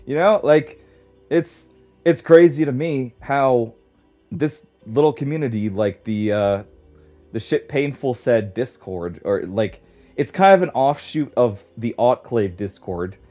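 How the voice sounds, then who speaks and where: A man's voice: mid-range voice, animated, a little slow, a little mellow, soft background music. A young man rambling casually as a podcast guest, swearing often and filling his talk with "like.". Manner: rambling, swears a lot, heavy use of "like". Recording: dull lo-fi audio.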